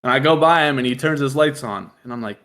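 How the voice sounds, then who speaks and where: A man's voice: medium pitch, fast, fairly bright tone. A young man co-hosting a casual podcast, telling a story with a swearing, self-mocking humor. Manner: storytelling, laughs at himself, swears freely. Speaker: podcast co-host. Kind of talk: casual chat.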